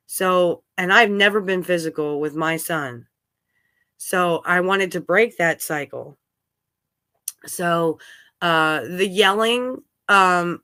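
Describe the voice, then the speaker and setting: Woman, 30s, podcast host, bright, clear tone, dry close sound, open and rambling. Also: lowish voice, dry recording. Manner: rambling, open, with frequent fillers. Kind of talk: candid conversational talk.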